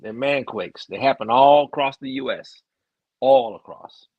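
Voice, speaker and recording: A man's voice: mid-range voice, moderate pace, breathy edge, no echo, phone-quality sound. A man in casual group chat on a podcast, insisting on his points in a playful way. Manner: insistent, playful, says y'all. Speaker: podcast co-host.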